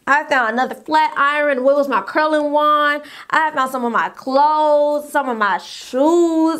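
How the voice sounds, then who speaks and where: A young woman telling a casual story-time tale, acting out what other people said in an animated way. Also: high-pitched, moderate pace, hardly any pauses.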